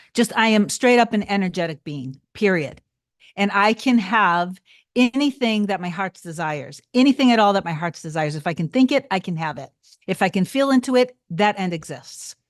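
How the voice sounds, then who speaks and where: A woman's voice: medium pitch, no echo, clean studio sound. A woman hosting a live stream as a coach, greeting viewers by name and giving earnest, repeated affirmations. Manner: reads out chat names, earnest and repetitive affirmations. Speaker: livestream host and manifestation coach.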